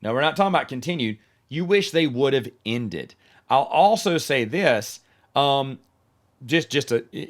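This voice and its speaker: A man hosting his own podcast, talking casually and telling a story with animation, often restarting his sentences. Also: mid-range voice. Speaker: podcast host. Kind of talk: casual solo podcast monologue.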